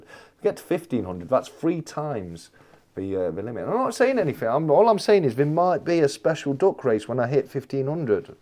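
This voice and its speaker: A British man chatting on his live stream, his pitch leaping up and down as he talks. He rambles through jokey banter with the people in his chat, casual and unscripted. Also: dark tone. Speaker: livestream host reading chat.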